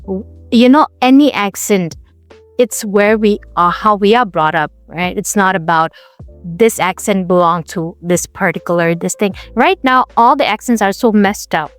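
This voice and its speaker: A woman's voice: mid-range voice, moderate pace, faint music behind. A woman co-hosting a casual podcast, speaking reflectively and thinking aloud. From India. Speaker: podcast co-host. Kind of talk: casual chat.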